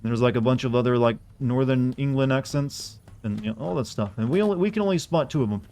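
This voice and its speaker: A man's voice: medium pitch, fast, a little mellow. An American man giving casual, rambling commentary while streaming a video game, self-deprecating and full of restarts. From United States.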